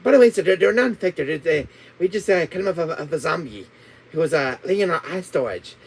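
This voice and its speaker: A man's voice: very high-pitched, big pitch swings, very slow, dark tone, slightly rough, pitched above the performer's own voice, heavily acted. A man voicing a pushy takeout restaurant clerk in an exaggerated put-on voice, hawking the menu.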